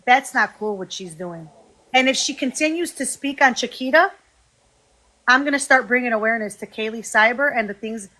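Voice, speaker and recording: A woman hosting a livestream, talking in a heated, animated way to her viewers and swearing freely. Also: fairly high pitch, moderate pace. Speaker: livestream host. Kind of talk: heated casual livestream talk.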